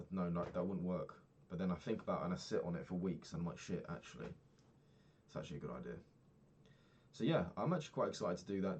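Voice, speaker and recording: Young British man, deep low voice, rambling vlogger who swears and loses track. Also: slight background noise. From United Kingdom. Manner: rambling, swears often, loses his thread. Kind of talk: casual diary vlog.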